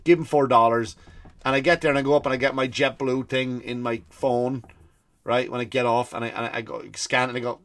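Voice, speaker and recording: A man with an Irish accent, a comedian hosting his podcast, telling stories in an animated comic rant and acting out the people he quotes. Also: mid-range voice, brisk. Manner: animated storytelling, acts out quoted people, swears freely.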